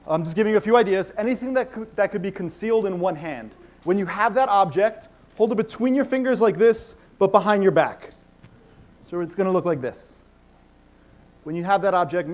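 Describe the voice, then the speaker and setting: A man with a fairly high voice leads a live stage act as a mentalist, talking to a hall of a few thousand people. He is upbeat and commanding, and he teases the crowd while he gives instructions. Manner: energetic, commanding, playful crowd work. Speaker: mentalist performer. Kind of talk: live stage show with audience participation. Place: large conference hall with audience.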